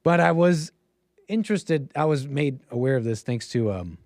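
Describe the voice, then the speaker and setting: A man's voice: mid-range voice, expressive, normal speed, darkish tone, dry recording, clean studio sound. A man hosting a livestream show, talking in a casual, rambling monologue with many restarts and mocking put-on quotes.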